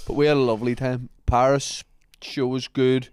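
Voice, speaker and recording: A man co-hosting a podcast, telling stories in an animated way during casual chat. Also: mid-range voice, moderate pace, smooth, no echo. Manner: storytelling, animated retelling. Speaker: podcast co-host.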